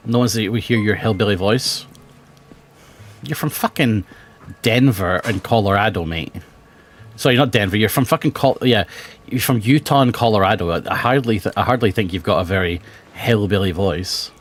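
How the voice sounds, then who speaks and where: Low-voiced man muttering on stream. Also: moderate pace. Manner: mutters to himself while playing, swears casually. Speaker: game streamer. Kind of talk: casual gaming stream chat.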